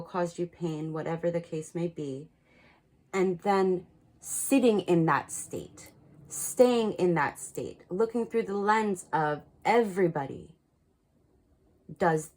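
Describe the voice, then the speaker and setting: A woman's voice: fairly low pitch, darkish tone. A woman giving a casual spiritual card reading, talking frankly and chattily and laughing at her own slips. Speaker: tarot card reader.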